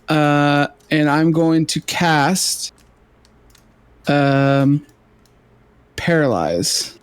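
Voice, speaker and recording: Player, male, slightly high voice, slow and hesitant, dry close sound. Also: smooth, no room sound. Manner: slow, hesitant, many fillers. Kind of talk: tabletop game play.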